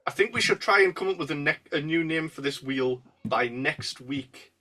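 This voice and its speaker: A man's voice: a little high, expressive, moderate pace, bright, forceful tone, recorded from a distance. A man hosting a casual fan podcast, steering the talk and laughing easily. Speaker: podcast host.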